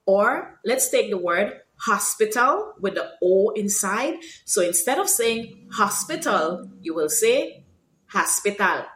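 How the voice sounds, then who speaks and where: Woman, Guyanese accent, casual language lesson, slow delivery, very expressive pitch. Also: echoey room. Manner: slow and explanatory, bursts into lively high-pitched Creolese example voices. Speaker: language teacher.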